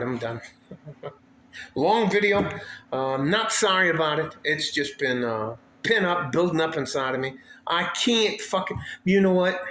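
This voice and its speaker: A man's voice: a little high, fairly bright tone. A man venting angrily in a vlog, profane and heated, circling back to the same complaints. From West Texas. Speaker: vlogger. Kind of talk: angry venting monologue. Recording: echoey room with faint ambient noise.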